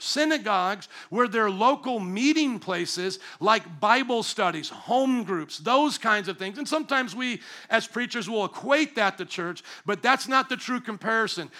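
A man preaching a sermon as pastor, animated and asking the congregation questions, acting out imagined voices. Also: high-pitched. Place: church service.

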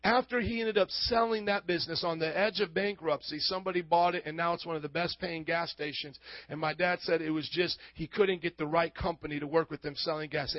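A man with a high voice preaches a sermon, emphatic and full of call-and-response questions to the congregation. The sound is dull and lo-fi, with a close, dry feel and no room echo. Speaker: pastor.

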